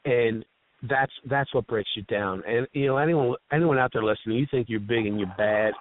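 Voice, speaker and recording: A man's voice: mid-range voice, moderate pace, dry recording, narrow, tinny audio. A man hosting casual radio talk, telling stories in an earnest, emotional, heartfelt way. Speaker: host.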